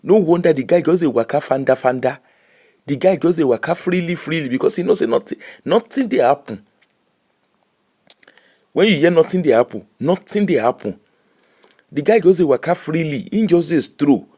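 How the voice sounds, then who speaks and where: Husky and on the high side, this middle-aged host talks at a moderate pace with long pauses. He has a Nigerian Pidgin English accent and leads a relaxed live-stream chat, mixing Pidgin with English while laughing animatedly.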